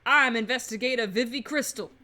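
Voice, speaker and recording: A woman's voice: on the high side, a little fast, pushed and bright. A woman voicing a theatrical bird detective in a video game, with a put-on Southern US accent. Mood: formal. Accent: mock Southern US. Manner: drawling, theatrical.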